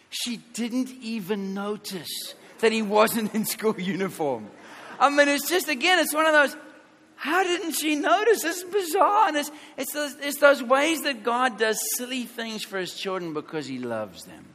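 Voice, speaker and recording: A man preaching a sermon as pastor, telling stories in an animated way and acting out what people said. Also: sits high, moderate pace. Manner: animated storytelling, acts out quotes. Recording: long hall reverb.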